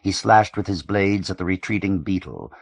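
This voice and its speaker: Deep-voiced man reading an audiobook. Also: lively intonation, moderate pace, creaky, no echo. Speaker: audiobook narrator. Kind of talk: scripted audiobook narration.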